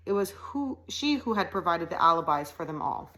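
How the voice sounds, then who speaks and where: A woman reading a novel aloud at a steady pace, now and then slipping over a word. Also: on the low side, moderate pace, rough recording. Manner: steady reading with small slips. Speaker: audiobook reader.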